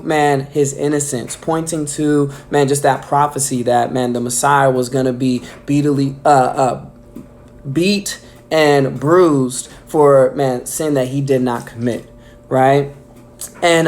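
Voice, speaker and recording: A man delivering a casual weekly devotional message, enthusiastic and filling his talk with "man" and "um". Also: a little high. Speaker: preacher.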